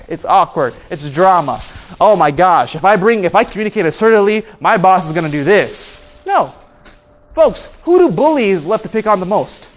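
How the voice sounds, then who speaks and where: A man giving a motivational training talk to an audience about conflict, acting out the people in his stories. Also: high voice. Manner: animated, acts out dialogue with voice changes. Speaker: speaker and trainer.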